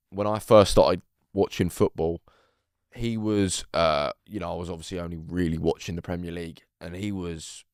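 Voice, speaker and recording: A man's voice: deep voice, darkish tone, clear, resonant tone, no room sound, studio quality. A man hosting a casual podcast interview, asking short curious questions. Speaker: podcast host.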